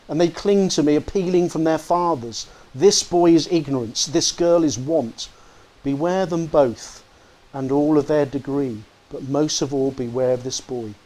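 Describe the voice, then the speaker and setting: A man reading aloud as a sorrowful, solemn male Christmas spirit, speaking low and hushed. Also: measured pace, close to an everyday voice, rough recording. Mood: solemn warning.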